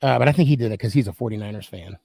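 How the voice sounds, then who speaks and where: Gravelly-voiced man hosting a live chat. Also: lowish voice, very fast, mellow. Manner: laughs easily, friendly banter. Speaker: podcast host. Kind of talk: casual live-stream chat.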